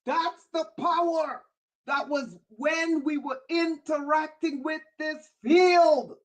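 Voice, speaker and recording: A woman preaching on a livestream as a spiritual teacher, impassioned and often yelling in a repetitive preaching cadence. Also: high-pitched, slow, rough recording. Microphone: livestream setup.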